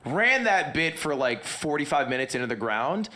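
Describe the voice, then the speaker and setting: Man with a bright, edgy voice on a podcast. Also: on the high side, big pitch swings, moderate pace. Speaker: podcast co-host. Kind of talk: casual podcast chat.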